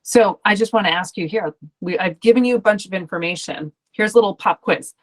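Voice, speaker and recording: A woman's voice: medium pitch, fairly quick. A woman coach talking to parents in a chatty, loose way, full of ums and restarts, acting out the voices she quotes. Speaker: ADHD coach.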